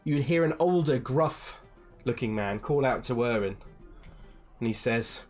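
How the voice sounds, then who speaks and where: A young man running a tabletop game as dungeon master, narrating scenes with frequent pauses and restarts. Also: medium pitch, animated, darkish tone, faint music behind. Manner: hesitant, many ums and restarts, slips into character voices.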